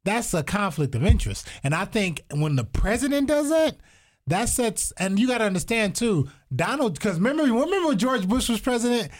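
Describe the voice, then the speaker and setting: A man in casual chat, animated and rambling, swearing freely and going off on asides. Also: high-pitched, a little fast.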